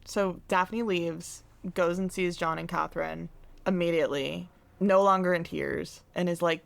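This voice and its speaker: Gravelly-voiced woman podcast co-host. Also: fairly low pitch, dry recording. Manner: animated, swearing, quotes characters in quick voices. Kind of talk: casual recap chat.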